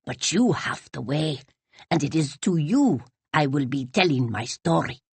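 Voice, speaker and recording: A woman voicing a proud, formal old widow who speaks in slow, measured sentences in an audiobook. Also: deep voice, animated, a little mellow, breathy edge, no room sound, full character voice. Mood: firm.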